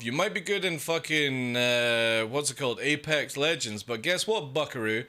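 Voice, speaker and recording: A young man streaming a game, ranting casually and profanely, and mocking others in quick put-on voices. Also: on the high side, pushed and bright. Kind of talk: casual live-stream rant.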